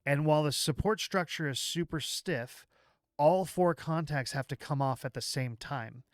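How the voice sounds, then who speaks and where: A man hosting a livestream, walking through software live while thinking aloud, with halting restarts, and chatting with viewers as he works. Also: fairly high pitch, dry recording, clean studio sound. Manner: chats with viewers while working. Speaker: livestream host.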